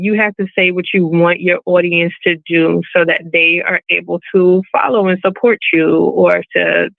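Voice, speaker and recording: A woman's voice: fairly low pitch, creaky, no room sound. A woman giving a casual online presentation as a business owner, chatty and full of fillers, acting out quoted voices. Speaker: webinar presenter and balloon event business owner. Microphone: video call. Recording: phone-like webinar audio, dry.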